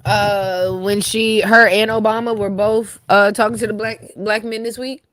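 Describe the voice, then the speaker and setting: A woman's voice: mid-range voice, level tone, normal speed, fairly bright tone. Fiery, foul-mouthed woman co-host. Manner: fiery, profane ranting. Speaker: guest co-host. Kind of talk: casual podcast chat.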